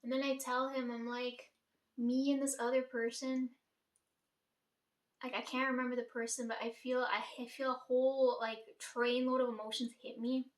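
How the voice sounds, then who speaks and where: A woman's voice: high voice, flat delivery, moderate pace. A young woman casually retelling a dream, rambling and swearing, with many "like" and "right?" asides. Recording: echoey room, voice far from mic.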